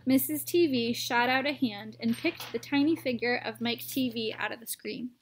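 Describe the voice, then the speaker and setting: A woman reading a children's book aloud in a lively storytelling manner with playful asides. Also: a little high, normal speed, a little hiss or hum. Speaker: reader.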